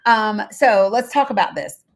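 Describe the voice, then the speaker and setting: A woman's voice: mid-range voice, a little slow. Chatty woman hosting a live stream. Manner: chatty, blunt, with frequent fillers; reads viewer comments aloud and talks to her kids mid-stream. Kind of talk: casual live stream commentary.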